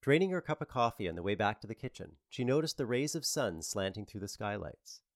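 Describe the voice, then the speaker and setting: Wry, lively male audiobook narrator. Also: fairly low pitch, brisk, no room sound, clean studio sound.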